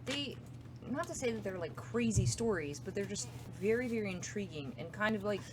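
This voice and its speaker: A woman's voice: mid-range voice, expressive, brisk, background noise. A woman co-hosting a podcast, talking hesitantly with many fillers while searching for words, heard from far off the mic. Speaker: podcast co-host. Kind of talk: casual chat. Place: comic shop.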